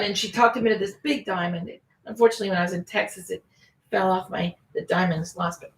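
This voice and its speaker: A woman's voice: mid-range voice, steady tone, fast talker. Older woman comic host, brash and bawdy, echoey room. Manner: brash, bawdy storytelling with punchy delivery. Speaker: comedian host. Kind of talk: comedic talk show chat.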